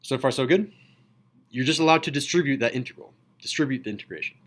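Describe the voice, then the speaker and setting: A man teaching a high school calculus class, lively and enthusiastic, often checking in with students. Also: fast. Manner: enthusiastic, asks students questions. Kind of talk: classroom lecture.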